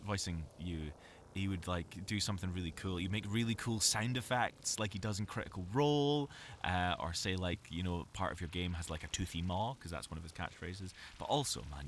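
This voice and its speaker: Lively self-mocking Scottish man. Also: low-pitched, a little hiss or hum. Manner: self-mocking, chatty, waffling. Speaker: voice actor. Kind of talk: recorded game dialogue, rambling monologue. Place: small cupboard recording booth.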